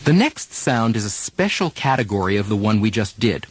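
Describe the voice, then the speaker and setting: A man's voice: fairly low pitch, big pitch swings, moderate pace, breathy edge. A man teaching an accent lesson, carefully demonstrating vowels and stresses and asking listeners to repeat after him. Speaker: dialect coach.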